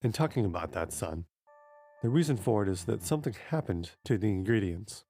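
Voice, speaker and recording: A man's voice: on the low side, expressive, warm tone. A man doing a stern, formal father. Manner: formal, measured. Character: stern middle-aged father, an industrialist.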